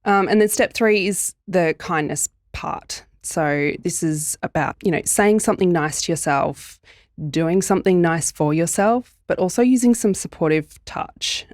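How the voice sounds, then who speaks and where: Woman, podcast co-host, low voice, step-by-step explaining, dry close sound. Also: unhurried, no echo. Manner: explains step by step, laughs often. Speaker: podcast co-host, body image expert. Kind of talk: casual podcast chat.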